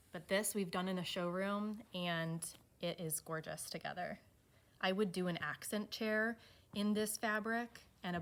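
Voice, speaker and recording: A woman giving an enthusiastic, relaxed walkthrough of furniture fabric pairings. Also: fairly low pitch. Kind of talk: product walkthrough.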